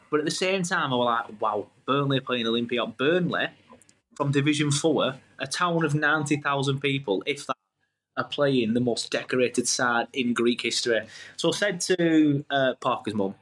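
Bloke in his thirties, podcast guest, animated rambling storyteller, mid-pitched, keeps cutting himself off. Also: normal speed. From England. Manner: animated, rambling, self-interrupting. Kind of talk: casual storytelling chat.

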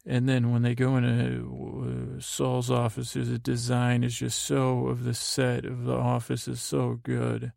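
A man drifts through a bedtime recap in a meandering, halting way, often circling back to restart his sentences. His voice is deeply gravelly and stays fairly level in pitch. The sound is dry and close to the mic. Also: completely flat delivery, darkish tone, dry recording. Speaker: podcast host.

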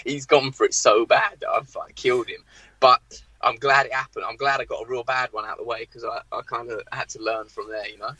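Lively ex-footballer, bright and dry. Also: male voice, mid-range voice, a little fast, no room sound, low-quality recording. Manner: lively storyteller, laughs at himself. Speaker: former professional footballer, guest. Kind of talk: casual anecdote telling.

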